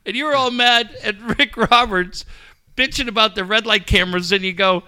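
Animated, high-voiced swearing podcast host. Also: male voice, a little fast, clean tone, no room sound, studio quality. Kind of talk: casual profane podcast chat.

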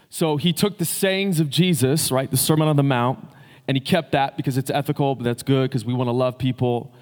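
A man preaching a sermon in a loose, conversational way, with fillers and restarts, addressing his congregation. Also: mid-range voice. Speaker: pastor. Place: church sanctuary. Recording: long hall reverb.

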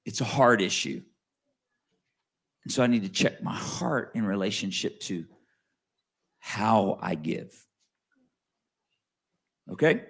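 A man preaching a sermon in a conversational way, slowing down and rising to stress key words, then dropping low for asides. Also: animated. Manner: conversational with wide swings in pitch and loudness, slows to stress key words. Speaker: pastor.

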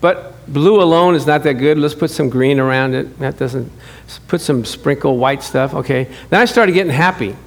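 A middle-aged man preaching a sermon, telling a married-life story with animated acted-out dialogue and frequent chuckles. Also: on the high side, moderate pace, vocal fry, few pauses. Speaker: pastor. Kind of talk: sermon with personal stories.

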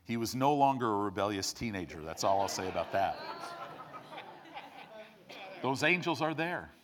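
A man preaching a sermon, telling stories animatedly, with sudden loud bursts and quiet asides. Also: moderate pace, a faint crowd. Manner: animated storyteller, swings between loud bursts and low hushed asides. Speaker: pastor. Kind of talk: sermon storytelling.

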